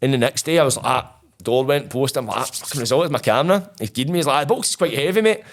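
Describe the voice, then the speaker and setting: A young Scottish man speaks in a mid-range voice and talks fast. He's a podcast guest, animatedly retelling his story in a casual way and swearing plenty.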